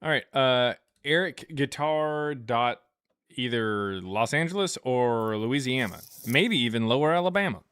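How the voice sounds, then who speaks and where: A man's voice: mid-range voice, expressive, unhurried, a bit bright, clear, resonant tone, no echo, clean studio sound. A man hosting a live stream, reading super chats in a casual, jokey, rambling way with many fillers.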